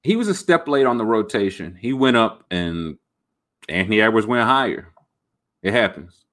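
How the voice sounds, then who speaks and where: A man hosting a podcast, rambling about sports in an animated, jokey way. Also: fairly low pitch, normal speed. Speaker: podcast host. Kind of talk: casual sports talk.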